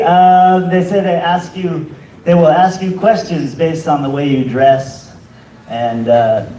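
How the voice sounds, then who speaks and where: A man doing an open mic stand-up set in a rambling, halting way with deadpan asides. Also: medium pitch, a little hiss or hum. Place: bar comedy room. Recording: echoey room, distant mic.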